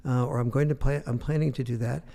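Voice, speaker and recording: Gravelly older man telling a story. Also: mid-range voice, fairly even intonation, quick pace, warm tone, long reverb tail. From United States. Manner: rambling anecdotal storytelling with many fillers. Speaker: guest author. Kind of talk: storytelling in an interview.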